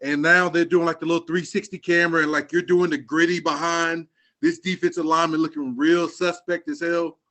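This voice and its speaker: A man with a fairly high voice rants about sports in loose, slangy podcast talk. He jokes and teases as he goes, keeping it casual and lively. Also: brisk. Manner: animated rant, slangy and joking. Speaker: podcast co-host.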